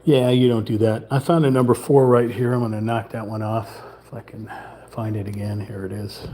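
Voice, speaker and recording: Brief: livestream host, man, mellow tone, casual rambling chat at his painting table. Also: lowish voice, level tone, moderate pace, a little hiss or hum. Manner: rambling, chatty, trails off into muttering.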